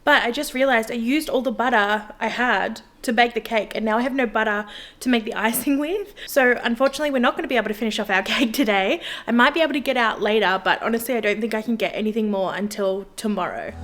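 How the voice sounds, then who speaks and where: A woman's voice: on the high side, quick pace, fairly bright tone. A young woman, chatting casually and upbeat to camera in a vlog. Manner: chatty and upbeat, coos at her dog. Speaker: vlogger.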